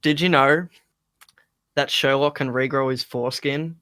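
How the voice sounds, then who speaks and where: A man's voice: mid-range voice, steady tone, a little slow, a bit bright, clean tone, no echo. An Australian man chatting casually as a guest, laid-back and swearing freely, up late at night. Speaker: guest, metalcore vocalist. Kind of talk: casual chat over a video call.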